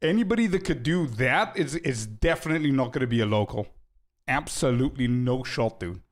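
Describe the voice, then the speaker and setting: A man's voice: mid-range voice, animated, fairly quick. A man streaming a game, chatting casually with viewers in a laid-back, slangy way and laughing often.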